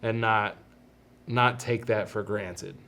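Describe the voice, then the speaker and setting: A man hosting a solo podcast, talking earnestly and haltingly about fatherhood and fear of death, often restarting his sentences. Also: lowish voice, fairly even intonation, bright, forceful tone. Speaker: podcast host. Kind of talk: reflective solo podcast monologue.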